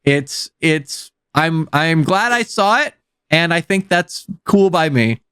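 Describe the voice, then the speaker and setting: Hesitant man, somewhat high voice. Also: expressive, slow pace, a bit bright, clean tone, dry recording, studio quality. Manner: hesitant, searching for words with many fillers. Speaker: podcast co-host. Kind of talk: casual movie review chat.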